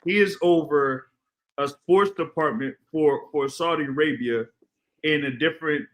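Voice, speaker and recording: A man's voice: fairly high pitch, unhurried, fairly bright tone, rough recording. A man co-hosting a casual talk show, explaining at length with lots of fillers. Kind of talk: casual chat.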